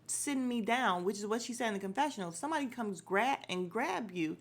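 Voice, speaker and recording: A woman's voice: fairly high pitch, animated, fast. Chatty woman podcast host. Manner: chatty, opinionated, frequent laughs and slang. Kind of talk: casual reality show recap.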